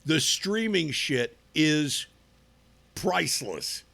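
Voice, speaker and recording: A man's voice: a little high, lively intonation, extremely slow, vocal fry, sharp tone. A man hosting a live opinion talk show, combative and profane, asking rhetorical questions.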